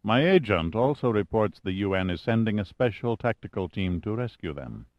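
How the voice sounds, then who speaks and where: A man voicing a suave, calculating male schemer who speaks in a smooth, purring way. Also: lowish voice, lively intonation, moderate pace, dry recording, dull audio, natural voice. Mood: smug.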